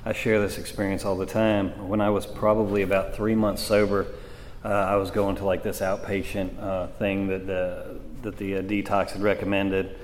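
A low-pitched man with little pitch movement and a moderate pace tells his recovery story at a meeting, storytelling loosely and filling gaps with plenty of fillers. Long hall reverb and slight background noise color the recording.

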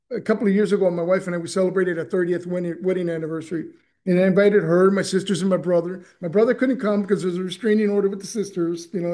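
A man's voice: high voice, a little mellow. A middle-aged man telling his personal story at a recovery meeting, rambling and often restarting his sentences. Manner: rambling, repeats words, frequent restarts. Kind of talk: personal testimony.

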